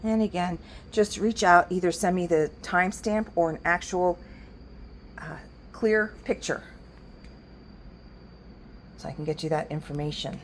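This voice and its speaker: Walking unhurriedly through her large antique store, the owner talks a little slowly in a lowish voice and pauses frequently. She chats about what's for sale and reckons up discounts aloud, with slight background noise present.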